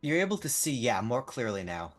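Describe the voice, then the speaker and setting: A man narrates a tabletop session in an easy, rambling way, full of fillers and the odd curse. His pitch is mid-range, and soft music sits behind him. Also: sing-song, fairly quick. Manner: casual, rambling, swears freely. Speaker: game master.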